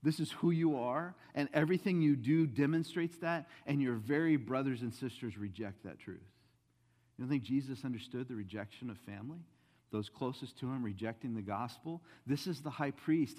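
A male pastor delivering a sermon in a church, his voice carrying a long hall reverb. He swings from loud, emphatic rises to quiet, low asides as he presses his points. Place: church sanctuary.

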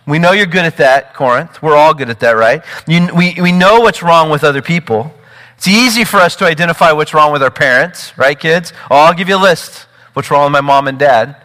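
A man preaching a sermon with emphatic, animated delivery, often repeating words and building to urgent peaks. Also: a little high, a little fast, big-room sound, poor audio. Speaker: pastor.

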